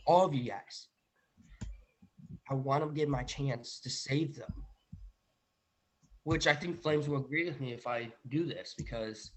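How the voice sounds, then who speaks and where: A man in the middle of his pitch range, excitedly retelling a long dream to his audience. He talks casually, addresses his viewers directly and leans on "literally". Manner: animated retelling, often says "literally" and "guys". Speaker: podcast host.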